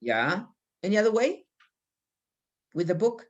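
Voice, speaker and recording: Lively-voiced woman teaching English grammar. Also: mid-range voice, measured pace, muffled recording. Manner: reads example sentences aloud and calls on students by name. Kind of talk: online English grammar class.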